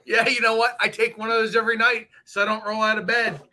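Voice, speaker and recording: A man's voice: high voice, level tone, fast, sharp tone. A man hosting a casual live stream, telling profane, joking stories and laughing often. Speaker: host of a live motorcycle stream.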